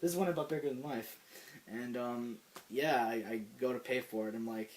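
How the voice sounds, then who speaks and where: A young man co-hosting a casual chat, telling stories in a profane, animated way, full of "like". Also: medium pitch, a little fast, slight background noise. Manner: profane, animated storytelling with frequent "like". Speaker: podcast co-host.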